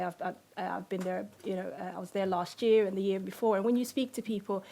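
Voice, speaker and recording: A woman's voice: mid-range voice, darkish tone. A woman moderating a panel discussion, attentive and giving frequent short affirmations.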